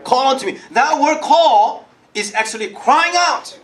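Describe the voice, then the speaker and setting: High-voiced, lively preacher man. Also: unhurried. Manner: lively, calls out to the congregation and laughs often. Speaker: pastor. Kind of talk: sermon.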